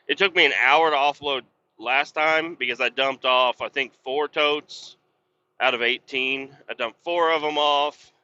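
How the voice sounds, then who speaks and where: Blunt, foul-mouthed man with a sharp, forceful voice, ranting from a truck cab, muffled lo-fi sound. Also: medium pitch, fairly even intonation, a little slow. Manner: profane, blunt, exasperated ranting. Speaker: podcast host and truck driver. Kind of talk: rambling casual storytelling. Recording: dull lo-fi sound.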